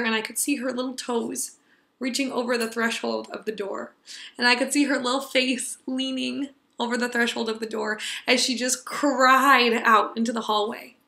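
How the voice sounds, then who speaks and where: A young woman telling an earnest personal story to a class, tender and sometimes dropping to a hush. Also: fairly high pitch, echoey room. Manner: earnest, tender, drops to a hush for quiet moments.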